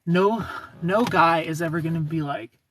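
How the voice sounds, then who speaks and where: Distant from the microphone, with slight background noise, a man talks at a moderate pace in a fairly high, somewhat bright voice. This British streamer affects an American accent, chatting casually with viewers, reading their comments aloud, and laughing often.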